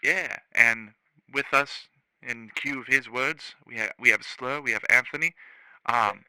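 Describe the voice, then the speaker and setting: A man's voice: mid-range voice, unhurried, sharp tone, smooth, dry recording, poor audio. A man hosting a podcast interview, talking in a mock early-1900s radio talk show host manner. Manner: mock old-time radio host delivery.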